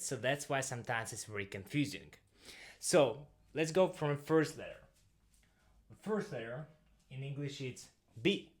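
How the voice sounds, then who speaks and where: A man with a Russian accent teaching the alphabet in English, in halting phrasing, pausing to sound out letters again and again. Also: mid-range voice. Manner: non-native English, halting phrasing, repeats sounds aloud. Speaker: language teacher. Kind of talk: explaining at a whiteboard.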